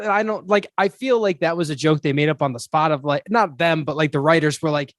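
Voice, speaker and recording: A man's voice: on the high side, quick pace, hardly any pauses, no echo, studio quality. A man co-hosting a podcast, chatting casually about a movie with lots of "like" and loose phrasing. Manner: loose, filler-heavy chat with many "like"s. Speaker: podcast co-host.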